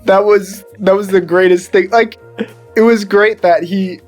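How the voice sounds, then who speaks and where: A man's voice: steady tone, measured pace, faint music behind. Male podcast co-host, casual chatter, stumbling repeats, easy laughter. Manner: rambling, stumbles and repeats words, laughs often; mimics voices in high squeals when retelling. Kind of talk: casual chat.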